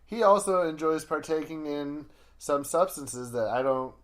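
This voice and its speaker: A man's voice: a little high, expressive, a little slow. A man, a comedian, telling long rambling stories in casual podcast chat, full of fillers and swearing.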